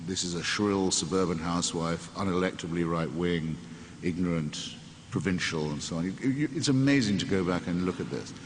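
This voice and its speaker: An interview guest in his 60s chats onstage before an audience in a low voice at a normal pace. He comes across as sardonic and wry and tends to digress, and the hall is echoey with a little room noise.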